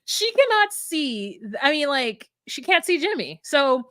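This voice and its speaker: A young woman co-hosts a casual recap chat on a podcast, laughing often and animatedly acting out what people said. Her voice sits high and unhurried, recorded at studio quality with no room sound.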